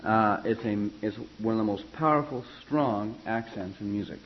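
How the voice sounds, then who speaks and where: A man with a fairly low voice speaks at a moderate pace, and the recording has its highs cut off. He's teaching a choir class about vocal expression, rambling conversationally with fillers and restarts while spelling out musical terms.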